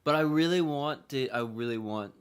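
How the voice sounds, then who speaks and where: A man's voice: mid-range voice, moderate pace, clear, resonant tone. A man giving casual, rambling commentary as he plays a video game, repeating himself and swearing now and then. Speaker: gaming streamer.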